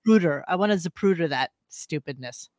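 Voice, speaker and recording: A man's voice: fairly high pitch, animated, a little fast, a little mellow, no room sound, clean studio sound. A man co-hosting a podcast, chatting casually with crude wisecracks. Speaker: podcast co-host. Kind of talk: casual commentary chat.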